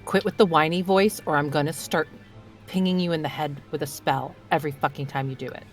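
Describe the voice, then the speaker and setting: A woman's voice: deep voice, fairly even intonation, brisk, faint music behind. A woman playing a tabletop game, brash and profane. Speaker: player.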